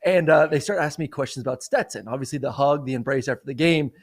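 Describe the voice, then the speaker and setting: A man in his thirties co-hosts a casual sports talk show, speaking fast in a plain mid-range voice. He rambles through anecdotes with frequent restarts and many fillers like "you know" and "like."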